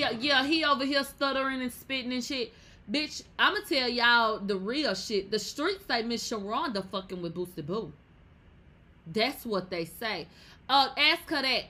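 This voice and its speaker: Brash, bright-voiced woman gossiping. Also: high-pitched, a little hiss or hum. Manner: brash, profane and animated, with loud outbursts. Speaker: gossip vlogger. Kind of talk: casual celebrity gossip commentary.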